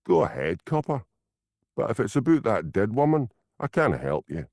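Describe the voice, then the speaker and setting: A man's voice: fairly low pitch, sing-song, normal speed, a little mellow, no echo, clean studio sound, pitched above the performer's own voice. A man voicing a defiant woman in her late thirties with a harsh Glaswegian accent, in a storybook.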